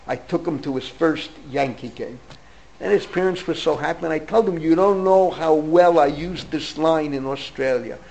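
A man's voice: on the high side, normal speed, vocal fry, a little mellow, slight background noise, rough recording. An older man from New York, a rabbi teaching a Torah class, wandering into stories and stressing his points with feeling. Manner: digressive storyteller, emphatic.

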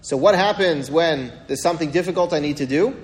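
Animated man teaching a Torah lecture. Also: on the high side, fairly quick, big-room sound. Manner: animated, rhetorical questions, dramatic retelling. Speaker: rabbi teaching a Torah class.

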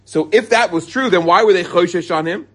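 High, husky-voiced man giving a Torah class. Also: a little fast, fairly bright tone. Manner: reads Hebrew passages then explains them in casual English, with jokes. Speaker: rabbi teaching a Torah class. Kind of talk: informal Torah lesson to a live group.

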